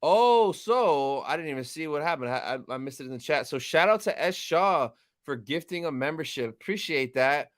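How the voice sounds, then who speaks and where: A man's voice: on the high side, fairly quick, few pauses, fairly bright tone, no echo, studio quality. A young man hosting a live stream, casually chatting with viewers, reading chat aloud and thanking them.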